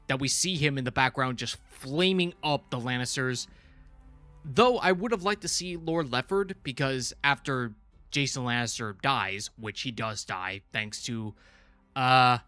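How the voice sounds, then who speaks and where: A man hosting a casual livestream review, rambling excitedly and correcting himself as he goes. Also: mid-range voice, no room sound. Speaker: channel host reviewing a TV show.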